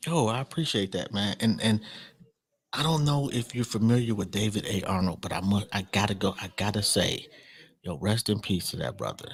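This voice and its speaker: A man's voice: lowish voice, fairly quick, husky. A middle-aged man hosting a casual podcast, laid-back and slangy, with bursts of laughter. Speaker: podcast host.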